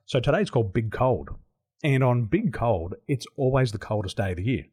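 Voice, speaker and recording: A middle-aged Australian man telling stories as an interview guest, animated and laughing often. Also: mid-range voice, moderate pace, husky. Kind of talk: casual interview storytelling.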